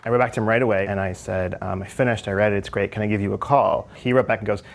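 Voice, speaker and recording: A man working as a literary agent, telling an anecdote in a brisk, matter-of-fact way. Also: lowish voice, steady tone, vocal fry. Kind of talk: interview anecdote.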